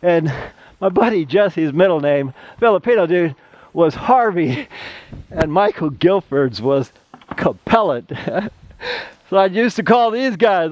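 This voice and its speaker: A middle-aged man with a slightly high voice talks through a plastering demo in a loose, chatty way and drifts into side stories. The sound is dry and a little dull, with no room echo. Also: expressive, slow, a little mellow. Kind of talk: casual how-to demonstration.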